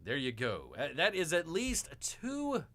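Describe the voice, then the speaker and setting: A man's voice: on the high side, wildly swooping pitch, measured pace, bright, forceful tone, exaggerated voice. A man putting on Bear, a folksy blustery bear. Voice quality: folksy, blustery, keeps saying "people". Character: blustery male bear character, a comedic political hopeful. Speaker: show host in character. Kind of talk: comedic in-character monologue.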